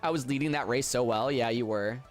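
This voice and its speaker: A tired man streaming a racing game, chatting casually with viewers in a flat, subdued way with halting restarts. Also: medium pitch, soft background music. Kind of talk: casual livestream chat with viewers.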